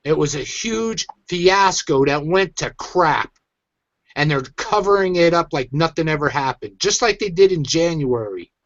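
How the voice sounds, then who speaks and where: A man's voice: on the high side, expressive, unhurried, no echo, highs cut off. A man hosting his own online show, venting in an agitated, emphatic rant. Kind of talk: angry ranting commentary.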